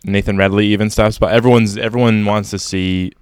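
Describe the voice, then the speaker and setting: A man co-hosting a casual book discussion, talking in a relaxed, conversational way. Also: fairly low pitch, a little fast, clear, resonant tone, no echo, studio quality. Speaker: podcast co-host.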